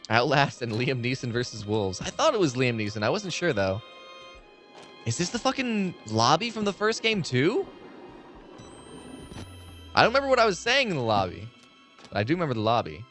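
A man's voice: mid-range voice, very animated, normal speed, long pauses, fairly bright tone, faint music behind. A man chatting loosely with viewers while streaming a horror game, rambling and swearing freely. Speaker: gaming live streamer. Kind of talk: casual live-stream game commentary.

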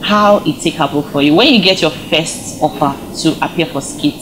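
A woman's voice: low-pitched, normal speed. A woman with a Nigerian accent hosting a casual interview, chatty and mixing Pidgin into her English. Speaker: interview show host. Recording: noisy background.

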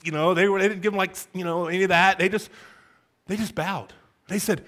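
A middle-aged pastor preaching a sermon in a church, acting out scenes and joking with the congregation. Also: male voice, high voice, brisk. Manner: animated, folksy, acts out scenes and asides to the congregation. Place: church sanctuary.

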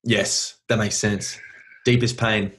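A man's voice: on the low side, little pitch movement, slow, a bit bright. Enthusiastic man hosting a podcast. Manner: enthusiastic, friendly questioning. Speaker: podcast host. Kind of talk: casual interview chat.

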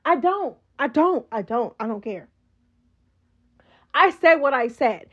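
Woman, high voice, casual recap commentary, slangy and chatty, muffled lo-fi sound. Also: takes it slowly. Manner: chatty, slangy, animated, addresses viewers as girl. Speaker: reality show recap host.

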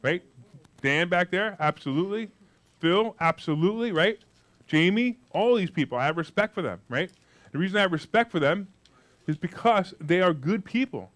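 A man giving a live motivational money seminar, brash and jokey, with loud outbursts and quiet asides. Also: high voice, lively intonation, normal speed. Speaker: seminar speaker.

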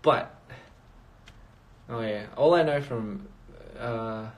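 A man's voice: mid-range voice, drawn-out words. A man chatting casually on a phone livestream, rambling and reading out viewer comments. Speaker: livestream host.

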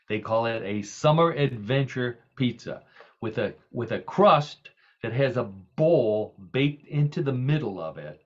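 A man's voice: medium pitch, dull audio. A man hosting a podcast in casual, comedic chat, telling jokes and laughing often. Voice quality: jokey, laughs often, tells gags. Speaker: podcast host.

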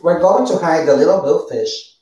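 A woman's voice: deep voice, animated, dark tone, slight background noise. Patient, encouraging woman preschool teacher. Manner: slow, patient and encouraging, repeating words and praising. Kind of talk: online preschool circle-time lesson. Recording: roomy echo.

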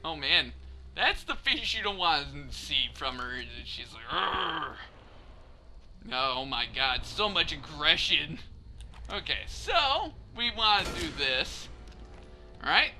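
A man's voice: a little high, very animated, slow pace. A man giving casual let's play commentary, joking and swearing at the character on screen. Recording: game music loud behind voice.

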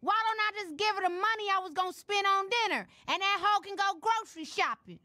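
A bright, cocky cartoon boy voiced by a woman. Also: very high voice, animated, quick pace, dry recording, clean studio sound, full character voice. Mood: mocking. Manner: blunt and sarcastic. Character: cocky, sharp-tongued young boy. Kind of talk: cartoon voice acting.

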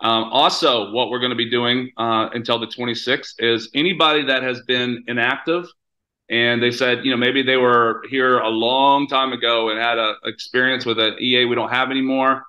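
A man's voice: medium pitch, flat delivery, moderate pace, pushed and bright, highs cut off. Hyped-up American man hosting a call. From United States. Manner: upbeat, hyped, many fillers. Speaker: host of a company call. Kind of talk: casual webinar hosting.

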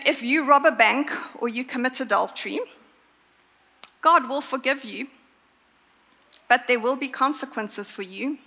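A woman preaching a sermon in an earnest, emphatic way, pausing to stress her points. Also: a little high, sharp tone. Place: church. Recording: long church reverb.

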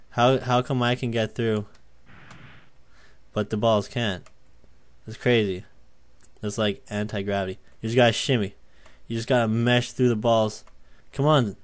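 A young man talks through a game at an unhurried, drawn-out pace and an ordinary pitch. He swears often and bursts into loud yells whenever he crashes or pulls off a stunt. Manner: excitable, swears often, yells at wins and deaths. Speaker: gaming YouTuber. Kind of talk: gameplay commentary.

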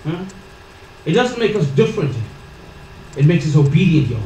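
A woman's voice: deep voice, big pitch swings, normal speed, long pauses. Woman preaching in an echoey hall. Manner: call-and-response with the congregation, swinging from loud to hushed; colloquial, repetitive, emphatic. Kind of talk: sermon. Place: church or ministry hall. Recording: echoey hall, distant mic, background noise.

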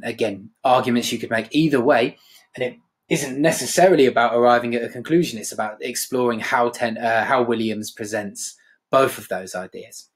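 A man teaching a literature lesson in a conversational way, often checking in with "right?". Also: mid-range voice.

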